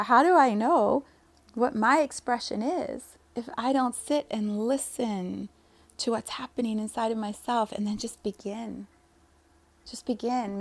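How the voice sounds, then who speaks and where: A young woman, a spiritual coach, giving an earnest motivational monologue, laughing often and sometimes dropping to a soft whisper. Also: on the high side.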